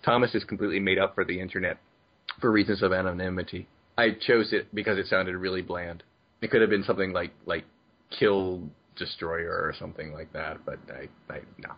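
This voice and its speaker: A man's voice: deep voice, fairly even intonation, fairly quick. A man from the United States co-hosting a podcast in an easygoing, stammering way. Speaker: podcast co-host. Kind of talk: casual podcast chat. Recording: dull lo-fi.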